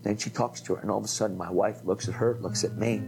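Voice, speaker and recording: A man preaching, telling an animated testimony story and acting out the people in it. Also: lowish voice, fast, creaky, music in the background, low-quality recording. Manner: animated storytelling, acts out quoted voices. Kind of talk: emotional testimony.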